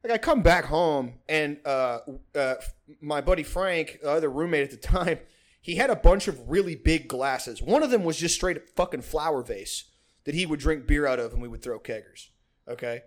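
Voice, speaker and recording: A man's voice: fairly high pitch, expressive, normal speed. A young man hosting a podcast, telling a long story in a rambling, profane way, full of "like" and laughs. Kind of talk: casual storytelling chat.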